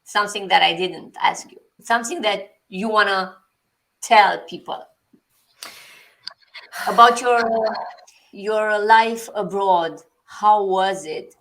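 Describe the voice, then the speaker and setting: A woman's voice: mid-range voice, takes it slowly, pauses often, a bit bright. A woman hosting an interview, asking questions in an earnest, encouraging way. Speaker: interview host. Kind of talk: conversational interview.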